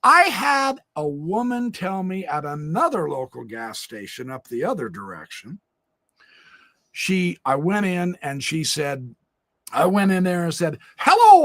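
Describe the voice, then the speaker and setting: Animated gravelly man, lively storyteller. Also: dry recording. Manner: animated storytelling, swings between booming and hushed; upbeat, self-described extrovert. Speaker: livestream host. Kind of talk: casual monologue.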